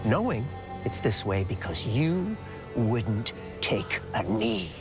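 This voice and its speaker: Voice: mid-range voice, big pitch swings, slow pace, over music. An actor playing a scornful deity who taunts mortals in a TV drama. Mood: taunting. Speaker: character in a TV drama.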